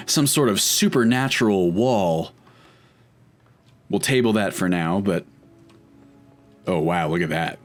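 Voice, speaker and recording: Deep-voiced man chatting over gameplay. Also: animated, slow pace, pauses often, faint music behind. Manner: chatty, wry, thinks aloud while playing. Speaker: let's play host. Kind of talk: casual gameplay commentary.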